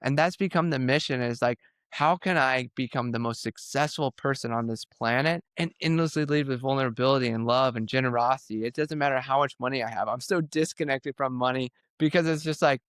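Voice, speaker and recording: A man's voice: mid-range voice, fairly quick, few pauses, clean tone, dry recording, clean studio sound. A man guest on a podcast, talking candidly and intensely, acting out what he said to others as he tells his story. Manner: intense, animated storytelling, quoting himself.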